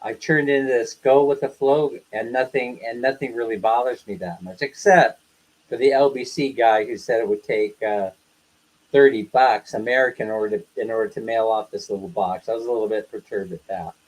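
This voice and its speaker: A man's voice: mid-range voice, fairly even intonation, fairly quick, rough recording. Chatty older man telling stories. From the West. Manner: chatty storyteller, laughs often, acts out quoted lines. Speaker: livestream host. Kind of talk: casual live chat.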